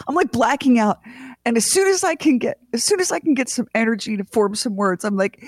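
A woman's voice: fairly high pitch, moderate pace, no echo, studio quality. A middle-aged woman co-hosting a morning radio show, retelling a family story dramatically with lots of restarts. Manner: animated, dramatic retelling with restarts and acted-out quotes. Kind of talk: casual on-air storytelling.

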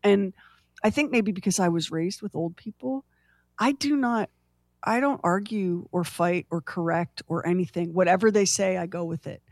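A chatty co-host who laughs easily and wanders into playful asides. The voice sits at a middling pitch. It is recorded close and dry, with no room sound. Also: moderate pace, no room sound. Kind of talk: casual chat.

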